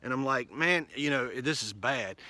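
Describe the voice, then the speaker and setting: A man tells a personal story in a loose, casual way. His voice is bright and clear, and he rambles, restarts sentences, and acts out the other people in the story. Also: mid-range voice, expressive, normal speed, no echo. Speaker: truck driver.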